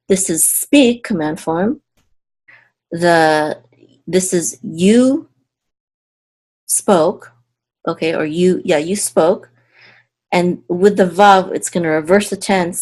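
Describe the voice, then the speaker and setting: A woman teaching a lesson, slowly sounding out syllables and words, casual, with fillers and self-corrections. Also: fairly low pitch. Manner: slow deliberate sounding-out of syllables. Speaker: Hebrew teacher. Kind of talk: patient step-by-step lesson.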